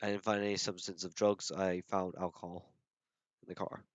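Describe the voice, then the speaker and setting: A man with a very low voice, playing a police officer on the witness stand in a role-play court. He answers casually and hesitantly, padding his answers with fillers. The sound is dry and close. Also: level tone, moderate pace, dry recording.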